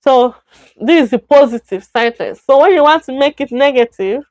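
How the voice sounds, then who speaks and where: A woman with a Nigerian accent teaching a beginner Chinese lesson on a live stream, slowly repeating words and correcting herself. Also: high-pitched, animated, a little mellow, no room sound, muffled recording.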